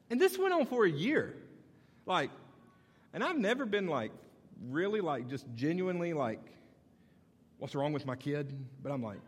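A man's voice: a little high, lively intonation, moderate pace, a bit bright, in a large hall. A male pastor preaching a sermon in a conversational, storytelling way that builds to emphatic points. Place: church sanctuary.

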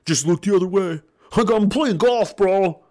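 A man's voice: sits high, mellow, voice pushed up, close to an everyday voice. A man putting on the voice of a smug, indifferent bro who shrugs everything off. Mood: mocking. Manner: mocking, drawn-out bro taunts.

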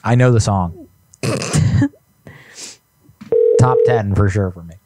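A man co-hosting, tossing in low-key crude asides. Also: takes it slowly, very noisy. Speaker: co-host.

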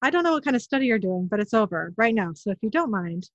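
A woman's voice: medium pitch, big pitch swings, fast, no room sound. A woman reading out the lines of an irritated, busy businessman, curt and plain, on a dull, dry recording.

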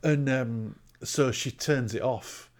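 A man in casual chat, retelling a film scene by scene. He swears freely, laughs along, and slips into quick put-on voices for the characters. His pitch sits in the ordinary middle range. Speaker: podcast co-host recapping a film.

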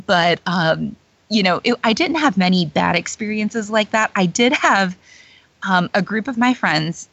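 Guesting on an interview show, a former theme-park character performer chats casually through her anecdotes, laughing often and using plenty of fillers. She has a creaky, mid-range voice that's a bit bright, captured in a dull, lo-fi recording with no echo.

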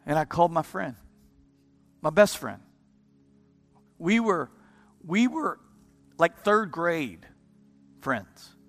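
A high-pitched man preaches his testimony from a church platform, impassioned and repeating himself in quick bursts. His voice rings out with a long hall echo and soft music playing underneath. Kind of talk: sermon testimony storytelling. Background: live keyboard music.

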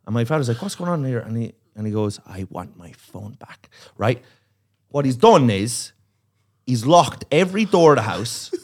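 Animated man telling a story. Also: medium pitch, normal speed. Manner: animated, profane storytelling with voiced quotes. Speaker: comedian guest. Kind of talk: storytelling podcast chat.

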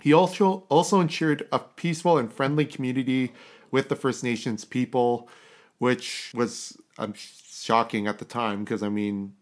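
A Canadian man talks through history on a casual podcast, his voice sitting at an ordinary middle pitch. He rambles, restarts his sentences and chuckles at his own jokes as he goes. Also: fairly even intonation, unhurried. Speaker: podcast host.

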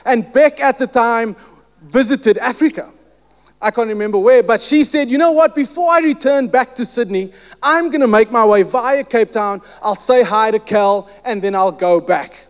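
A man preaching a sermon, telling a personal story and acting out the dialogue in lively fashion. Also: very high-pitched, moderate pace, smooth, big-room sound. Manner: animated storyteller who acts out quoted dialogue.

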